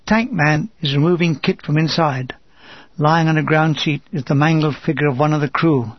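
A man's voice: on the high side, normal speed, muffled recording, slight background noise. A man narrating his own wartime memoir in a dry, wry voice that turns urgent and shaken. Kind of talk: first-person wartime memoir reading.

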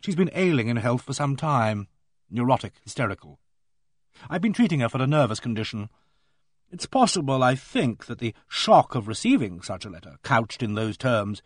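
A male reader voicing a cautious middle-aged doctor who speaks in a measured, hesitant way. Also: medium pitch, husky, no echo, clean studio sound.

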